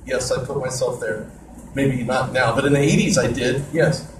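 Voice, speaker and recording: A man hosting a sports talk radio show, rambling in an animated way between topics. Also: mid-range voice, normal speed, echoey room, recorded from a distance, noisy background. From Southern California. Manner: rambling, animated host patter.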